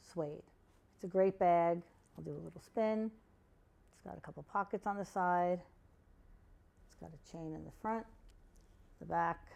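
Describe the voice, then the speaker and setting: A woman talks to camera in a relaxed vlog with a scratchy voice that is still coming back after she lost it. She rambles a little, loses her thread and picks it up again. Her voice sits fairly low for a woman. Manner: chatty, rambling, loses her train of thought. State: scratchy, recovering voice. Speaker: luxury handbag vlogger. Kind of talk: casual chat to camera.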